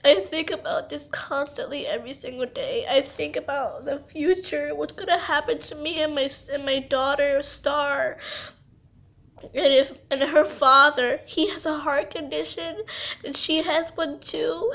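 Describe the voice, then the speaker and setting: A young woman crying as she talks in a confessional vlog, halting and rambling, stumbling over her words. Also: high-pitched, fairly even intonation, creaky, fairly bright tone, dull audio. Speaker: vlogger.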